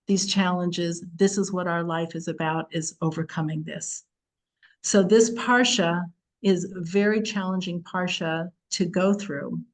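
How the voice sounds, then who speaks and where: Chatty, expressive woman teaching Torah. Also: mid-range voice, poor audio. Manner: chatty and expressive, acting out the verses with humor. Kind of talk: casual Torah class.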